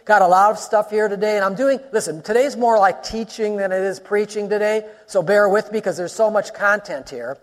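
A man preaching a sermon as a pastor, in an animated teaching style with quick asides and rising exclamations. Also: high-pitched, big-room sound.

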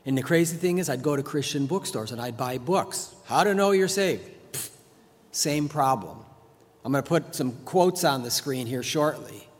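A man's voice: mid-range voice, expressive, normal speed. A middle-aged man preaching a sermon to a congregation, talking in a loose conversational way and chuckling between points. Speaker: pastor. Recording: long hall reverb.

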